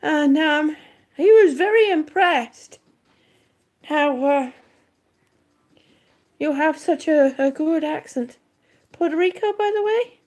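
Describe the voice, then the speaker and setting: A high-pitched woman, out of breath, chatting slowly and easily to viewers on her livestream. She talks in unhurried, looping sentences, trailing off and starting over as she reads their comments and greets them one by one. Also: darkish tone. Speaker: livestream vlogger. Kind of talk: casual livestream chat reading comments.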